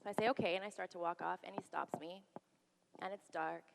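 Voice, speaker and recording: A woman's voice: lowish voice, fairly quick, creaky, noisy background. A woman Navy veteran telling a candid personal story on stage, acting out the people she quotes. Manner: candid, quotes others in lively voices. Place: theater stage. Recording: hall reverb.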